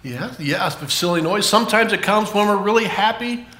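A man gives a children's sermon in a church, keeping it playful and animated as he quizzes the kids. His voice sits high and bright. The room around him is roomy and echoey. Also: fairly quick. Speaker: children's pastor.

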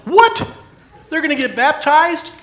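A pastor leads a children's sermon with a high, bouncy voice that swings widely in pitch. He peppers the kids with questions and encouragement. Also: expressive, measured pace, a bit bright, reverberant, some chatter behind.

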